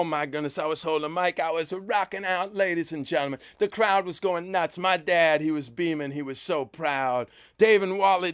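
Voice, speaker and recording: A young man hosting a live stream, telling a story with lively energy and acting out the people in it. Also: sits high, smooth, no echo, clean studio sound. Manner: lively storyteller who acts out voices and breaks into song. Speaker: band member and show host.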